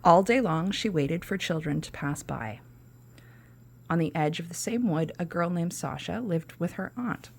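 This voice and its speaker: Brief: woman host narrating a kids' story, low voice with a gravelly edge, casual asides. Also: moderate pace, a little mellow, slight background noise. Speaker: podcast host. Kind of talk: reading a children's storybook aloud.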